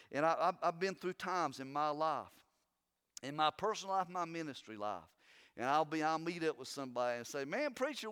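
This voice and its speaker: A man preaching a sermon, swinging between loud urging and hushed, earnest talk. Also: on the high side, smooth.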